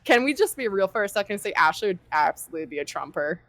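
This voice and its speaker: A woman co-hosting a casual gaming podcast, telling stories in an animated, profane way and acting out quoted lines. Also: medium pitch, rapid-fire, no echo. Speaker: podcast co-host.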